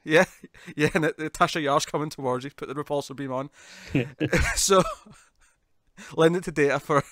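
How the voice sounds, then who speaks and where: A man chats through a TV episode recap with a fellow host, laughing often. He slips into animated voices when he quotes characters. His voice sits a touch high, and the sound is dry and close. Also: normal speed, no room sound. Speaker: podcast co-host. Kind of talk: casual review chat.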